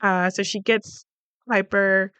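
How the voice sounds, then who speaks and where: A woman's voice: mid-range voice, level tone, slow pace, a bit bright, smooth, no room sound. A woman hosting a podcast, recapping a film in a casual, chatty way, full of "like" fillers and freely swearing. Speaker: podcast host.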